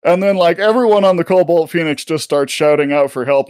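A man's voice: on the high side, fairly quick, darkish tone, clear, resonant tone, dry recording, clean studio sound. Rambling male game master. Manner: rambling, with many fillers. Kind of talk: narrating a tabletop game.

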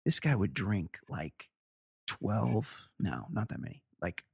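A man's voice: on the low side, sing-song, takes it slowly, vocal fry, breathy edge, no room sound, studio quality. A middle-aged man co-hosting a casual podcast, reading listener emails and telling rambling, crude stories with plenty of swearing. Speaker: podcast co-host.

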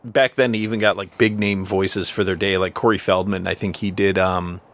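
A man's voice: sits low, little pitch movement, normal speed, fairly bright tone. A man chatting casually on a podcast, laughing often and swearing easily. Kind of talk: casual chat.

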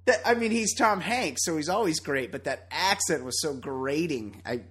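Blunt husky-voiced man ranting. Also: a little high, expressive, moderate pace, a bit bright. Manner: blunt, profane, opinionated ranting. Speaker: podcast host. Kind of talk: casual chat.

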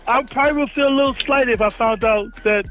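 A man in casual chat who puts his points forward calmly, often stammering before he gets going. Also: extremely high pitch, faint music behind, rough recording. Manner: measured, stammers at the start of points. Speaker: podcast co-host.

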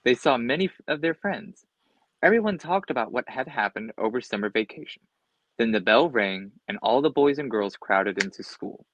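A man's voice: mid-range voice, lively intonation, moderate pace, dry recording, dull audio. A man reading a children's storybook aloud expressively, with occasional slips and restarts. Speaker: storybook reader.

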